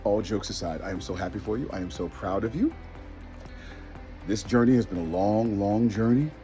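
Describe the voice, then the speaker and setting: A man with a dark, mellow voice records a tribute to a colleague. He jumps between loud, playful ribbing and quiet sincerity. Faint music runs under him. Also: on the low side, normal speed. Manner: playful then heartfelt, big swings in loudness. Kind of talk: recorded video message.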